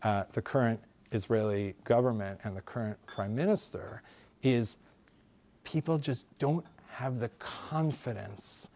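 A rabbi giving a conversational lecture to a live audience, thinking aloud with hedges and frequent restarts. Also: male voice, medium pitch, measured pace, darkish tone. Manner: thoughtful, hedging, many fillers and restarts. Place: lecture room with in-person audience.

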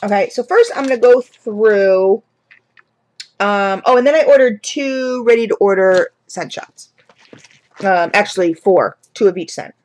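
A woman in her thirties chats her way through a product haul in a casual, rambling voice. She restarts her sentences often and fills the pauses with little fillers. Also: medium pitch, a little mellow. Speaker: vlogger reviewing candle products.

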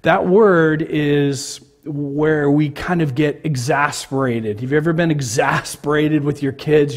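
A man's voice: a little high, steady tone, unhurried, hardly any pauses. A man from California preaching a sermon as pastor, talking conversationally and asking the congregation questions.

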